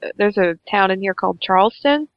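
A woman's voice: mid-range voice, lively intonation, fairly quick, no room sound, lo-fi sound. A woman with a slight non-native accent in casual chat, giggly and self-conscious about how she pronounces words.

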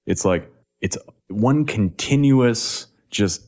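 A man with a lowish voice in easygoing chat. He mostly backs up his friend with short agreements and chuckling asides. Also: animated, moderate pace, darkish tone. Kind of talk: casual chat.

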